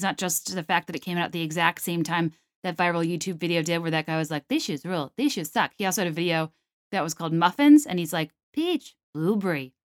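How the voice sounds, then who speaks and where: A young adult woman hosting a solo comedy podcast, talking in an animated, sarcastic way and slipping into mocking voices. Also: fairly low pitch, dry recording, clean studio sound. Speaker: podcast host.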